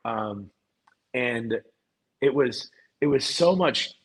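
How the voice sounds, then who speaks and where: A man as a podcast guest, telling a story in a casual, animated way and often repeating and restarting words. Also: mid-range voice, takes it slowly, breathy edge, poor audio.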